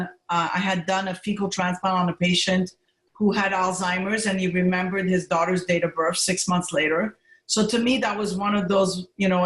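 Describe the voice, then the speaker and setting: A woman physician, a guest on a podcast, chatting casually and telling stories with animated bursts of enthusiasm over a video call. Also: on the low side. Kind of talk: casual interview chat. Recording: echoey room.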